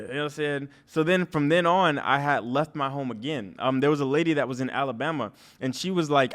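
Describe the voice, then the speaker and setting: A man's voice: fast talker, hardly any pauses. A man guest on a podcast, telling his story in a laid-back, slangy way. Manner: laid-back slangy talk, lively pitch. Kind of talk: casual podcast chat.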